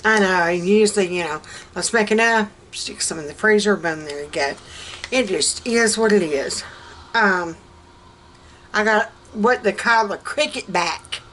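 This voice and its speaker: Middle-aged Southern woman, home kitchen vlogger, folksy chatter with frequent laughs, medium pitch, faint background noise. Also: measured pace, a bit bright, low-quality recording. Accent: Southern American. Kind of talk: casual cooking vlog chat.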